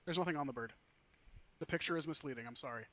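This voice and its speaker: A man with a slightly high voice runs a tabletop game as game master. He describes the scene and patiently talks through rules and distances with his players. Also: fast talker, a bit bright.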